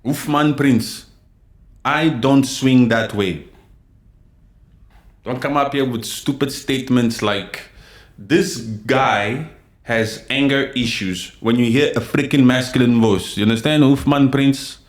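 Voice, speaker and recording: A man from the DR Congo hosts a livestream with heated commentary. His talk is forceful and full of repetition, and he speaks straight to the people in his chat. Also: mid-range voice, unhurried. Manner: forceful, repetitive, addresses chat viewers directly. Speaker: livestream host.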